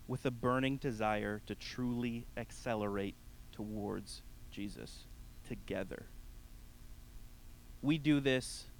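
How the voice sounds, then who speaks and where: A man's voice: mid-range voice, poor audio. A male pastor delivers a sermon to his congregation in an earnest, conversational voice. He climbs to emphatic peaks, then drops almost to a murmur. A faint hum sits beneath the recording. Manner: addresses the congregation directly.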